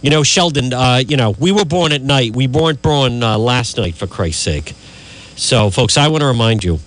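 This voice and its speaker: A man's voice: mid-range voice, expressive, normal speed, fairly bright tone, rough recording. A male talk radio host ranting with indignant, emphatic energy at his listeners. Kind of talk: heated political talk radio.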